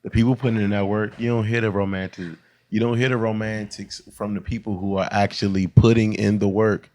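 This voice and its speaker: A man's voice: fairly low pitch, flat delivery, a little fast, darkish tone. A man hosting a podcast in casual conversation, blunt and plain-spoken.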